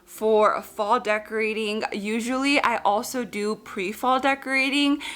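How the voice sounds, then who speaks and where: A woman's voice: on the high side, steady tone, a little slow, a bit bright. A young woman chatting to her viewers in a casual home decor vlog, a little out of breath. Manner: chatty, addresses viewers as you guys.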